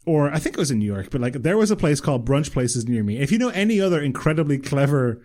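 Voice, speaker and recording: A man's voice: fairly high pitch, big pitch swings, fast talker, darkish tone. A man co-hosting a podcast in casual chat, telling stories animatedly and laughing as he goes. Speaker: podcast co-host.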